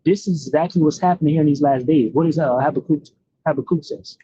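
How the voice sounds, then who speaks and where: Guy going through bible verses, lots of uh and right, kinda husky, dull lo-fi sound. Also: fairly high pitch, fast, warm tone, dry recording. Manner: many fillers and "right?" tags. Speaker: bible teacher. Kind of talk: scripture commentary.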